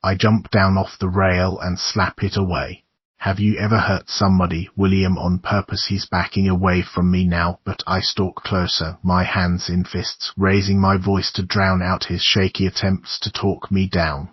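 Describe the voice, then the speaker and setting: A man's voice: low-pitched, completely flat delivery, measured pace, few pauses, breathy edge, no room sound, dull audio. A man narrating a horror audiobook, reading intensely and dramatically in the first person.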